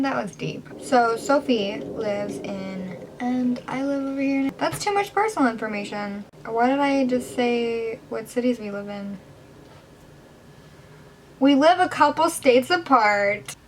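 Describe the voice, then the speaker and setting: A woman's voice: a little high, animated, moderate pace, hardly any pauses, a little mellow, slight background noise, rough recording. A young woman chatting in a casual home vlog, rambling and self-deprecating, sometimes dropping to a whisper. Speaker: vlogger. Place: indoors at home.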